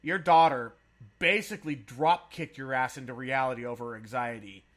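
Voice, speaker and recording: Man, podcast host, from San Diego, bright forceful voice, casual chat, swears and laughs a lot. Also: mid-range voice, normal speed. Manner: swears freely and laughs often.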